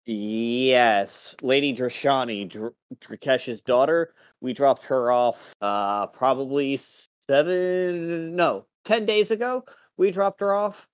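A man's voice: medium pitch, slow, clean tone, no room sound, muffled recording, lightly acted. A man playing a captured captain of a lord's guard, answering questions in a plain, matter-of-fact way.

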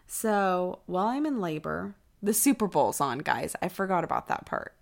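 A young woman chatting casually as a podcast co-host. She tells stories with animation and acts out the people in them. Her voice sits low, with a lot of vocal fry. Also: big pitch swings, normal speed. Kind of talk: casual chat.

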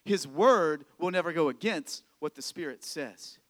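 A man's voice: a little high, animated, a little slow, a bit bright, long reverb tail. A man preaching a sermon as a pastor, talking to the congregation in a conversational way, full of rhetorical questions and repeated phrases.

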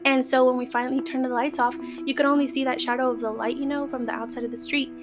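A woman, a guest, telling a true scary story in casual, slangy talk, excitable and now and then swearing or dropping into Spanish. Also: high-pitched, fast.

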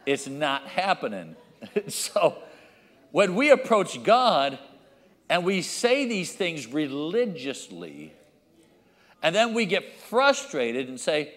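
A man preaching a sermon as pastor, acting out his children and church members with lively changes of voice. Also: high-pitched, slow pace, long reverb tail.

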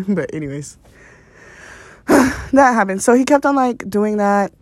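A woman's voice: medium pitch, sing-song, slow pace, long pauses, darkish tone, dry recording. A young woman hosting a podcast, telling a rambling story in a casual, profane way and laughing often. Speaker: podcast host.

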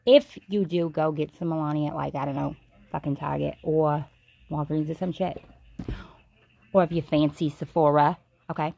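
A tipsy woman hosting a comedic tarot reading stream, rambling and swearing in a jokey deadpan way. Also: deep voice, moderate pace, vocal fry, dry recording. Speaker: host.

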